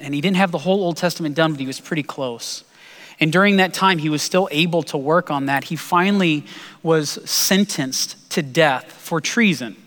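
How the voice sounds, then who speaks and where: Pastor preaching in a reverberant hall. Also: male voice, on the high side, fairly bright tone. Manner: earnest storytelling, slowing for emphasis. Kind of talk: sermon. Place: church sanctuary.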